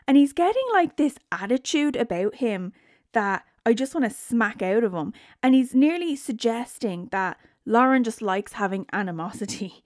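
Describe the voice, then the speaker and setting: A woman's voice: on the high side, no echo, clean studio sound. A woman reviewing a reality TV show in a casual, sarcastic rant, swearing freely. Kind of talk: casual spoken recap.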